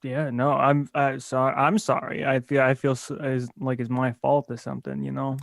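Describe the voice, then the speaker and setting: A man playing a tabletop game, speaking in a halting, hesitant way. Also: mid-range voice, little pitch movement, gravelly, no room sound, studio quality. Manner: hesitant, halting, lots of fillers. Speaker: player.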